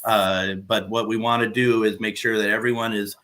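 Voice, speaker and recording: A man talking casually from his home as he runs a spirit box session, halting and restarting as he searches for words. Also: fairly low pitch, little pitch movement, a bit bright, slight background noise. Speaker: paranormal radio host running a spirit box session. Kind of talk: casual live session chat.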